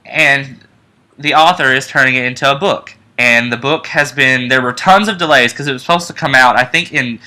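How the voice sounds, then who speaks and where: Bright-voiced excitable young man. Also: medium pitch, normal speed, rough recording. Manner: excitable, rambling with restarts and fillers. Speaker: co-host. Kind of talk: casual fan podcast chat.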